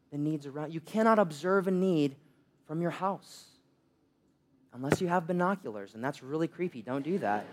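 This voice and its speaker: A young man preaching a sermon, telling humorous, self-deprecating stories. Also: on the high side. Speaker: pastor.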